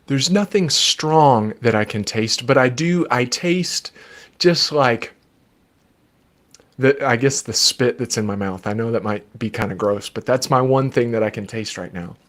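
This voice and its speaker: A man who is a child therapist and podcast host, giving patient, gentle advice in a live Q&A from his desk at home. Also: mid-range voice, expressive, a little slow. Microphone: desk microphone.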